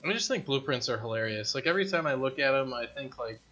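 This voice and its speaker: A man's voice: medium pitch, animated, quick pace, sharp tone, muffled recording, faint music behind. A man who is an indie game developer, rambling and joking at his own expense in a casual dev vlog recorded in his home basement while he programs. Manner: rambling, self-deprecating, joking.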